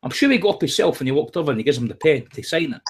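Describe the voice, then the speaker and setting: A man's voice: on the high side, sing-song, very fast, slight background noise. A man rambling in casual chat, swearing freely and telling jokey stories. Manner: rambling, profane, jokey storytelling.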